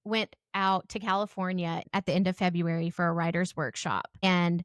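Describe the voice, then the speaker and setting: A woman's voice: on the low side, fairly even intonation, normal speed, clean tone, no room sound, studio quality. A woman hosting a podcast interview, affirming her guest and then sharing her own story. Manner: warm affirming listener, reads quotes from the guest's book. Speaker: podcast host and author. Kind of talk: casual interview.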